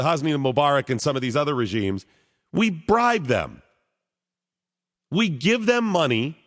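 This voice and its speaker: A man's voice: on the high side, a bit bright, long reverb tail. A man hosting a talk radio show, giving blunt, opinionated and exasperated commentary.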